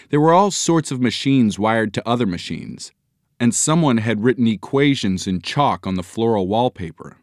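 A man narrating a children's story in a measured, expressive audiobook reading. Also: medium pitch, no room sound, studio quality.

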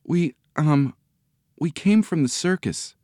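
A man voicing a shy, hushed ten-year-old girl. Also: a little high, expressive, takes it slowly, no room sound, studio quality, pitched above the performer's own voice. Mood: hesitant. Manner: hesitant, hushed.

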